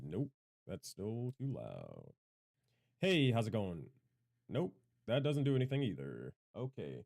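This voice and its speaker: A man with a low voice talks into a studio microphone at his home streaming setup. He speaks slowly, and his pitch moves up and down a lot. He is loud and rambling, and he pokes fun at himself while he adjusts his gear. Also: wildly swooping pitch, creaky. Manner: loud, rambling and self-deprecating. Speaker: gaming content creator and streamer. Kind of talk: casual livestream mic testing. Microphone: studio microphone with equalizer.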